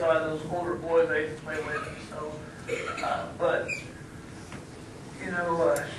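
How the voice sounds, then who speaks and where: Guest speaker, male, earnest and rambling, fairly high voice, recorded from far off in a noisy, echoing school hall. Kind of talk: answering students' questions. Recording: echoey room from far off, noisy.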